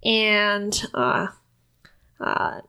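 A woman's voice: medium pitch, flat delivery, drawn-out words, pushed and bright, clear, resonant tone. A woman co-hosting a podcast in casual chat, eagerly retelling comedy sketches she loves. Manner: enthusiastic, retells sketches with acted quotes. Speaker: podcast co-host.

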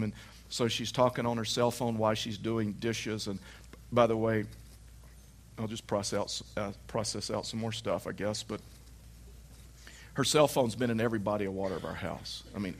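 A man preaching a sermon, telling a lively personal story and acting out his wife's lines. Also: fairly low pitch.

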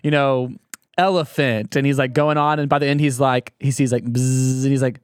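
A man chats casually on a faith podcast, quick to joke and imitate characters. His voice sits mid-range and the sound is close and dry. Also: medium pitch, level tone, clean tone, no echo. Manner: joking, playful, mimics characters. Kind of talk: casual chat.

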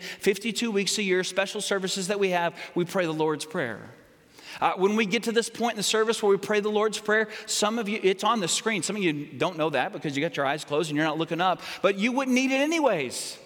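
A man's voice: high-pitched, fairly bright tone. A male pastor preaching a sermon in a loose, conversational way, sometimes acting out mock voices. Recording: church hall reverb.

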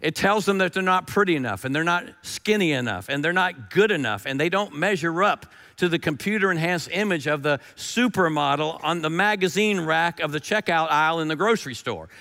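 Folksy middle-aged preacher. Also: male voice, a little high, expressive, brisk, few pauses, pushed and bright, big-room sound. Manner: folksy, emphatic, repeats key phrases. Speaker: pastor. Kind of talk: sermon.

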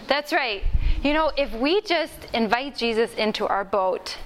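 A woman's voice: on the high side, animated, unhurried, crowd noise. Chatty woman teaching a Bible workshop. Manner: conversational, acts out quoted lines. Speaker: Bible study trainer. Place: meeting room with a group.

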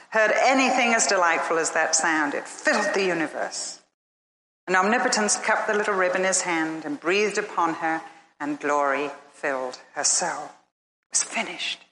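A woman preacher giving a sermon and telling a story, earnest and emphatic with slow, dramatic pauses. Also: fairly low pitch, sharp tone. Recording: echoey hall.

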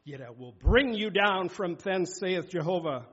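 This preacher has a high, animated, slightly bright voice and takes his time. Delivering a sermon in a church sanctuary, he urges on his hearers and reads scripture with emphasis. The recording is dull and lo-fi.

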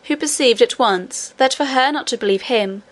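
A woman narrating a classic children's story aloud in an even, clear storytelling read. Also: on the high side, normal speed. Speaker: audiobook narrator. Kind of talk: scripted narration.

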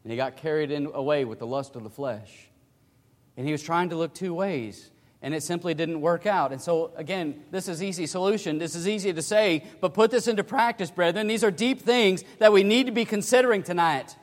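Male preacher, high voice, dynamic delivery from quiet to shouting, big reverberant hall. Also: brisk. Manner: swings from hushed to loud emphatic cries. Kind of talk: sermon.

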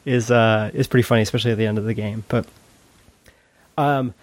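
A man co-hosting a casual podcast chat, enthusiastic but halting, restarting his sentences often. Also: lowish voice, fairly even intonation, no room sound. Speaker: podcast co-host.

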